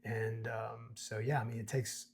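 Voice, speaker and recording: A man's voice: lowish voice, little pitch movement, a little slow, creaky. A middle-aged man hosting a screenplay breakdown, chatting casually with fillers and restarts. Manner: conversational, chuckles, many fillers and restarts. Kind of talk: casual commentary reading script excerpts.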